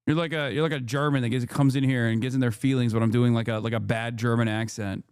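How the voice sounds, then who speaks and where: A man's voice: medium pitch, steady tone, fast, a little mellow, smooth, no echo, studio quality. A man hosting a political commentary stream, talking heatedly and emphatically, swearing often and repeating his points. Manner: heated, profane, emphatic and repetitive. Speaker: streamer host.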